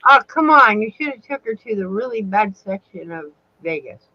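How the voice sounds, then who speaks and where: A woman's voice: mid-range voice, animated, moderate pace, no echo, highs cut off. A woman in casual chat, dropping blunt, wry remarks.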